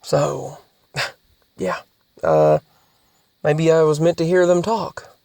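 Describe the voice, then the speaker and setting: Gravelly, halting vlogger talking close and dry. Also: medium pitch, very animated, warm tone, no room sound. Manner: halting, with frequent restarts and repeated words. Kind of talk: casual podcast-style monologue.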